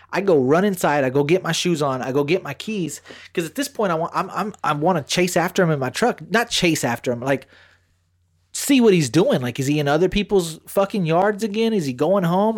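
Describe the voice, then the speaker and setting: A young man telling a story in casual podcast chat, animated and profane, acting out both sides of the scene. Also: on the high side, brisk, no echo, studio quality.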